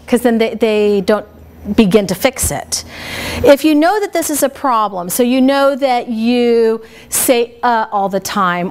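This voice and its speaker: A woman speaking coach teaching a live workshop, playful and laughing with the audience. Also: on the high side. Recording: noisy room recording.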